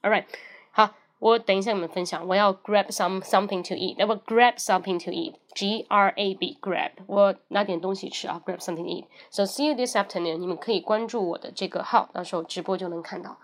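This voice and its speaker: A woman's voice: mid-range voice, fairly even intonation, brisk. A woman whose first language is Chinese, hosting a casual bilingual livestream as an English teacher, mixing Chinese and English and spelling words out letter by letter.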